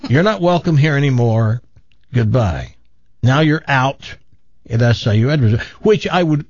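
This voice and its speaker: An older man tells his life story with lots of movement in his pitch, acting out the other voices he quotes. His voice is a bit husky, and the sound is muffled and dry. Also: no echo. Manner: animated, self-deprecating, acts out quoted voices. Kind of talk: casual storytelling.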